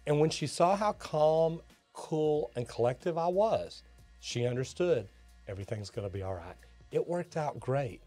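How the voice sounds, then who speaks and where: A man teaches plumbers how to treat customers, his voice sitting a little high and his delivery punchy and emphatic. He slips into little acted-out chats with customers. Soft music plays faintly behind him. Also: moderate pace. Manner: energetic, emphatic, acts out customer dialogue. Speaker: plumbing educator. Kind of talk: motivational business lesson.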